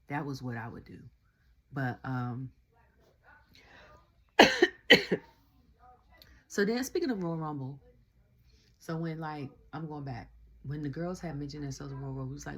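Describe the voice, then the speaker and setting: A woman with a low, husky voice rants her way through a wrestling episode recap. She talks casually, cracks up often and acts out what people said as she goes. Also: a little slow, pauses often. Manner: laughs often, animated retelling with quoted voices. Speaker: wrestling show reviewer.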